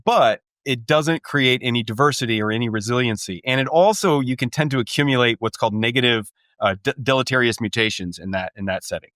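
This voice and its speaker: A man with a mid-range voice, interviewed as a guest author. He explains science in a steady, lecturing manner. The recording is dry and close to the mic. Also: medium pitch, brisk, few pauses, no room sound.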